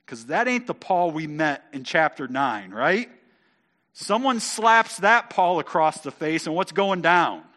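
A man teaching from the Bible, switching between plain scripture reading and excited commentary. His voice sits a little high and swings up and down a lot, and he often stumbles over repeated words. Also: measured pace.

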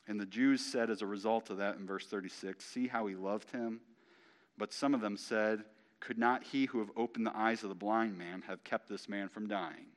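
A man's voice: medium pitch, a bit bright. Male pastor, sermon reading with commentary, rises for emphasis. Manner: reads scripture aloud and comments on it, rising with emphasis.

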